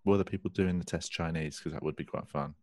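Very deep man with dry quips. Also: fairly even intonation, fast talker, a little mellow. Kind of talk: casual chat.

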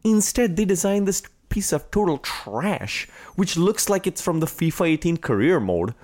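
A man's voice: high voice, normal speed. A man hosting a casual sports podcast, joking crudely and ranting with energy. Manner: crude joking, animated rants. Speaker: podcast host.

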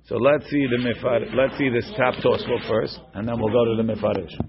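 A man's voice: medium pitch, steady tone, brisk, dull audio, a crowd in the background. A man teaching a text-study class, reading each line aloud, then translating and explaining it with frequent restarts. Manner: repeats and restarts words while explaining. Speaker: Talmud teacher.

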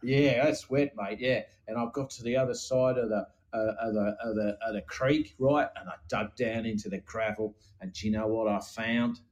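A man's voice: lowish voice, normal speed, hardly any pauses, a little mellow, natural voice, rough recording. A man doing an Australian gold prospector in an improvised comedy sketch, with rambling, crude, swear-heavy banter. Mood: boasting banter. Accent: Australian, put on. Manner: rambling, swearing, crude comparisons ending in "mate". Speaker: podcast co-host.

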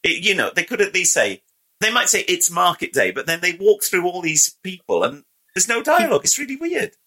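Chatty man with a bright voice. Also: sits high, big pitch swings, a little fast. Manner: chatty, laughs often, agrees a lot. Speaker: podcast co-host. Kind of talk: casual chat.

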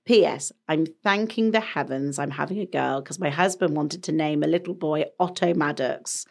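A woman co-hosts a podcast with a somewhat low voice. She reads a listener's letter aloud and then chats about it at an easy pace, with soft exclamations along the way. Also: normal speed, creaky. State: drinking coffee. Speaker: podcast co-host. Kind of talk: casual chat, reading a listener letter.

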